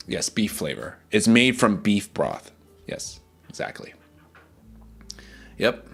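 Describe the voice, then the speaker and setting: A man's voice: fairly low pitch, big pitch swings, takes it slowly, vocal fry, long pauses, slightly rough, faint music behind. A man streaming casually, talking enthusiastically about food and greeting his chat. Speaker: VTuber streamer.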